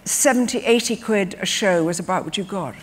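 An older woman, an actress, telling lively anecdotes on stage and acting out quotes. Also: medium pitch, a little fast, breathy edge. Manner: lively storyteller who acts out quotes. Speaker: guest actress. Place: festival stage before an audience. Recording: reverberant live hall.

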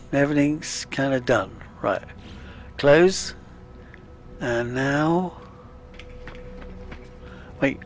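A man giving casual, chatty let's-play commentary, muttering to himself as he plays. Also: on the high side. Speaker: gaming channel host.

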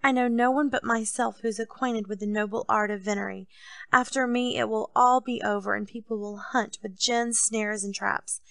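A woman's voice: fairly high pitch, fairly even intonation, normal speed, vocal fry, a bit bright, no room sound. A woman reading an audiobook, voicing a grown king who complains and grows indignant, his voice raised above her narration. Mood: complaining. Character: petulant, self-pitying king, grown man.

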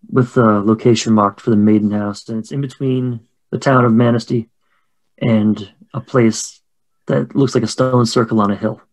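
A man narrating a tabletop horror game as game master, in a measured, descriptive way. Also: medium pitch.

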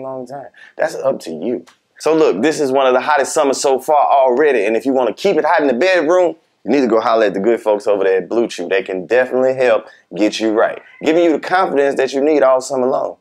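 A man, a podcast host, reading a sponsor ad in a relaxed, joking, conversational way. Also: medium pitch. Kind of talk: casual ad read.

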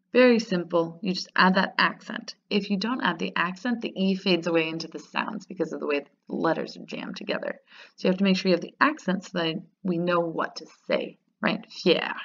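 A woman teaching a recorded grammar lesson, upbeat and patient, repeating words slowly so they sink in. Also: on the low side, animated. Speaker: French teacher. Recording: dull lo-fi sound.

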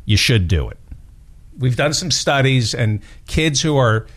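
A man's voice: mid-range voice, animated, a little slow. A middle-aged man hosting an interview, joking dryly about his kids and asking questions. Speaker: podcast host. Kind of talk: interview chat.

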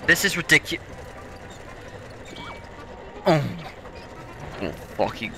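A young let's play gamer rants and swears in exasperation at the controls while commentating his own game. His voice runs on the high side with big pitch swings and a slow pace, and background noise is present.

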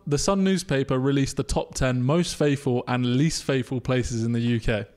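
A young man co-hosts a podcast at a moderate pace, his medium-pitched, darkish voice fairly even in intonation. Between bursts of laughter he teases his friend and recites survey statistics in easygoing chat.

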